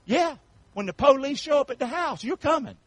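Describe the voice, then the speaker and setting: Male pastor, high lively voice, dry close sound, fiery folksy sermon with call-and-response. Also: a little fast, no room sound, rough recording. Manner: preaching with call-and-response, swinging from shouts to hushed tones; folksy, colloquial phrasing.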